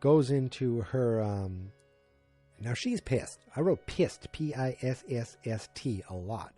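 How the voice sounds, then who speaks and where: A man's voice: medium pitch, expressive, slow pace, warm tone, soft background music. A man in his forties hosting a casual solo podcast recap, rambling with many fillers and restarts and throwing in exasperated asides. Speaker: podcast host.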